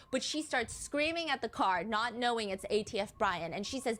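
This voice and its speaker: A woman's voice: on the high side, expressive, normal speed, few pauses, fairly bright tone. A woman hosting a reaction video, casually recapping a true-crime case and acting out quoted texts. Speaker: reaction channel host.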